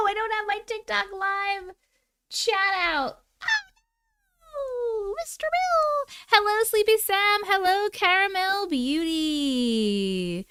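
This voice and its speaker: A woman's voice: extremely high pitch, lively intonation, slow pace, a bit bright, no echo. A woman hosting a casual livestream, greeting chatters by name in a playful, sing-song way while snacking. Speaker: livestream host.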